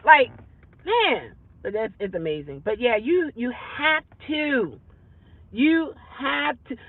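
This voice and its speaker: Animated woman vlogging over a tinny line. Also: a little high, slow, no room sound. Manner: animated, rambling storyteller with many repeats. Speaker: rideshare driver vlogger. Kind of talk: casual monologue. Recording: tinny phone-like dry sound.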